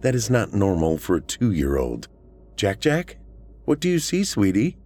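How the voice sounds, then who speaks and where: A man voicing a warm, fussing young aunt in a spoken horror story, raising his voice in pitch for her. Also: wildly swooping pitch, a little slow, full character voice. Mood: anxious. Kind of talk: horror audiobook reading.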